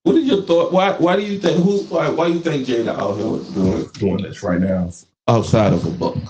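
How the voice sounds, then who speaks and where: At medium pitch and a moderate pace, a man hosting a live podcast spins lively stories full of casual, profane slang. Faint noise and echo from the room come through on the recording.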